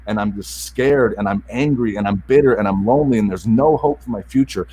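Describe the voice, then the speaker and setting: There's warmth and a slight roughness to this man's lowish voice as he, a self-help author guesting on a podcast, relates a painful story from his own life. He speaks with earnest, open emotion, pausing and restarting sentences frequently and repeating himself.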